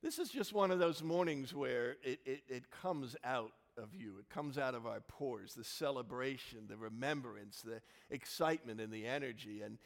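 A male pastor preaches from his church, telling stories with sudden loud exclamations. His voice sits at a middle pitch with a gravelly, creaky texture. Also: moderate pace, few pauses, big-room sound. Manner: warm storytelling with lively swings into loud exclamations. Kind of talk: sermon.

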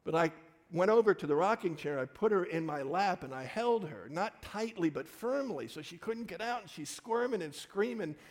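A male pastor preaches a sermon, his voice rough and gravelly. He tells personal stories in short, punchy phrases. His voice echoes with a long reverb through a church hall. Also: high-pitched, expressive, normal speed, hardly any pauses.

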